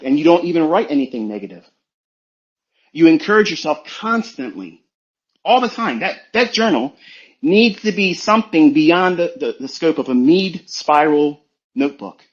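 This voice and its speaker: A man, a trading mentor, giving a forceful motivational rant full of swearing and rhetorical questions. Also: on the high side. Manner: forceful, profane, preachy. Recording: dull lo-fi sound.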